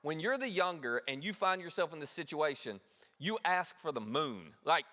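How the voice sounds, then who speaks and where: A man preaching a sermon as pastor, telling a story with animated delivery and asking the audience questions. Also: a little high, moderate pace. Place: large church hall. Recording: long reverb of a big hall.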